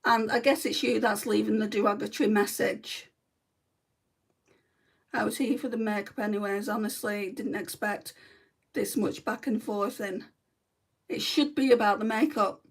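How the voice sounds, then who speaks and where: A woman's voice: mid-range voice, steady tone, normal speed, long pauses, husky, recorded from a distance. Lancashire woman doing her makeup live, blunt chatty replies to comments, a bit off mic. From North West England. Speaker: makeup livestreamer. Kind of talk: casual chat while doing makeup.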